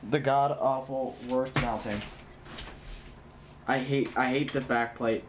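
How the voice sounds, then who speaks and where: A young man talks casually to a live stream as he works on a computer build. He rambles, curses freely and trips over his own sentences. His pitch sits in the middle of the male range, and faint background noise runs under his voice. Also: fairly even intonation, takes it slowly. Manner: rambling and blunt, swears, restarts sentences. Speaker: livestreamer.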